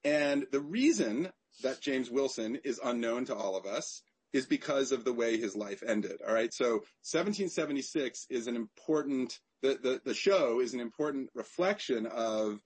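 Husky-voiced man telling a story. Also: mid-range voice, normal speed. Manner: animated storyteller with frequent restarts. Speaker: author guest. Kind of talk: conversational interview.

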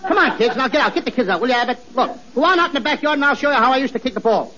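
High, whiny comic man, old radio. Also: rapid-fire. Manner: whiny, excitable, yelps and giggles. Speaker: comedian. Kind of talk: 1940s radio comedy. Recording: dull old radio broadcast with loud hiss.

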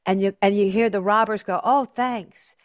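A woman's voice: medium pitch, quick pace, no room sound. A woman hosting a talk show, telling stories emphatically and chatting with her guest. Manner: animated, emphatic storyteller. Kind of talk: casual interview chat.

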